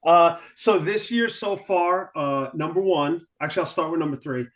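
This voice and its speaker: A man's voice: a little high, normal speed. A man from Long Island, a podcast guest, chatting enthusiastically with hesitant fillers. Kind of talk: casual chat.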